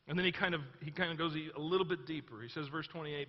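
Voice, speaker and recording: A man's voice: on the high side, steady tone, fast, hardly any pauses. A man preaching a sermon, telling a story casually, then reading scripture aloud with emphasis. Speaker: pastor. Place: church hall. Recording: muffled church hall recording with long reverb.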